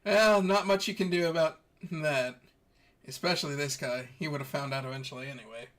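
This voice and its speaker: A man voicing a calm, matter-of-fact male officer in a tabletop game. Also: fairly high pitch, brisk, lightly acted. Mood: resigned.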